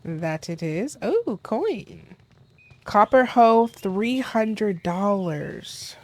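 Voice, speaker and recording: A woman's voice: mid-range voice, very animated, extremely slow. A young woman hosting a gaming video, giving casual gameplay commentary, curious and cooing at cute things.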